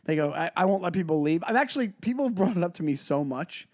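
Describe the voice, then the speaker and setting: A man's voice: high-pitched, animated, fast, a little mellow. A man in his forties co-hosting a podcast, talking in a rambling, self-deprecating way. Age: 40s. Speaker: podcast co-host. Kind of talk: casual chat.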